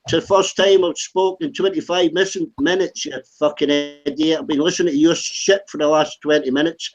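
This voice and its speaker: A man's voice: a little high, steady tone, brisk, dull audio, soft background music. A man, a regular in a live voice chat, talking bluntly and swearing hard. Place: at home, lying down.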